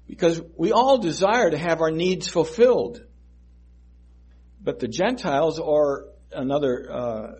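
A man preaching a sermon that teaches through scripture verses, speaking deliberately and repeating phrases for emphasis. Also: mid-range voice, a little mellow, breathy edge.

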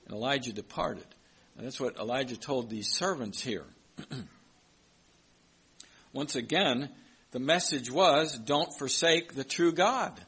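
Man, preacher, husky voice, reads scripture and comments, sermon. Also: medium pitch, fairly bright tone, poor audio. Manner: reads scripture aloud and comments, with hesitant restarts. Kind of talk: sermon with Bible reading.

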